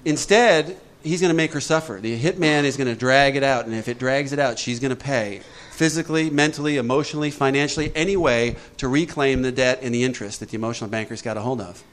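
A man leading a recovery group talk, lively and joking, acting out little voices as he explains. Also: medium pitch, fast talker, hardly any pauses. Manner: lively, jokey, acts out voices. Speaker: recovery workshop speaker.

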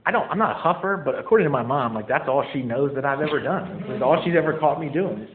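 A man's voice: mid-range voice, expressive, quick pace, a crowd in the background. Young dude telling his story, rambly and self-mocking, roomy tinny audio. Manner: candid, rambling, laughs at himself. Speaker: storyteller recounting addiction. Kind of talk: casual personal storytelling. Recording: echoey, phone-like, faint noise.

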